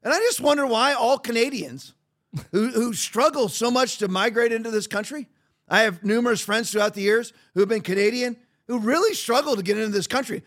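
A man's voice: very high voice, a little fast, a bit bright. A man hosting a podcast, delivering a combative, mocking monologue that rambles with frequent restarts. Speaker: podcast host.

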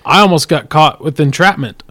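A man's voice: fairly high pitch, fairly quick, bright, forceful tone. A man from Amarillo, Texas, telling stories in a loose, joking, casual podcast chat. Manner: joking storyteller, swears casually.

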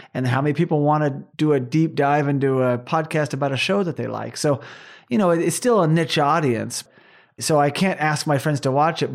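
A man's voice: medium pitch, gravelly. A middle-aged man co-hosting a podcast in casual chat, talking at length in an earnest, rambling way. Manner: earnest, rambling, warm appreciation of fans. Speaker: podcast co-host.

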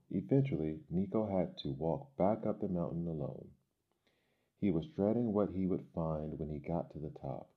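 Deep, slow-reading male storyteller. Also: husky. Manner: gentle, measured, expressive. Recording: dull lo-fi recording.

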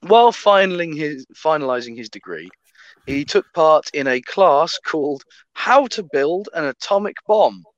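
A man's voice: fairly high pitch, expressive, normal speed, dry recording, lo-fi sound. A man casually telling a story in a podcast chat, laid-back, swearing and laughing often.

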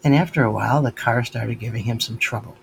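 An older man giving a reflective, halting spiritual monologue and retelling his talks with God. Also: medium pitch, gravelly, a little hiss or hum, poor audio. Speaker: speaker sharing spiritual reflections.

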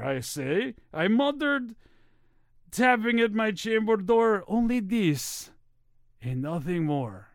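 A man's voice: high-pitched, clear, resonant tone, no room sound, pitched above the performer's own voice, exaggerated voice. A man reading a gothic poem in a brooding, ominous character voice. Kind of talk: dramatic poetry reading.

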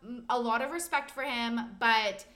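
A woman's voice: fairly high pitch, moderate pace, bright, forceful tone. A young woman co-hosting a podcast, chatting casually and enthusiastically, swearing freely and using lots of fillers. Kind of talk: casual chat.

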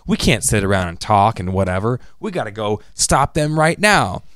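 Animated man retelling a story. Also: normal speed, dry recording, clean studio sound. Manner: animated storyteller, acts out character lines in jumpy high voices. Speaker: podcast co-host recapping an anime. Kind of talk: casual chat.

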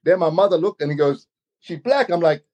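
Animated Australian man telling a story. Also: fairly high pitch, quick pace, dull audio. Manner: animated, repeats words, laughs while telling. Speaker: guest storyteller. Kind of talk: casual storytelling.

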